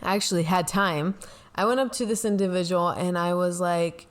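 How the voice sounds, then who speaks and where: A woman's voice: fairly low pitch, fairly even intonation, moderate pace. Young woman, talk-show co-host, casual confessional chat, rambling storyteller. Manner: rambling storytelling with many "like" and "you know" fillers. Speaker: podcast co-host, pastor's kid.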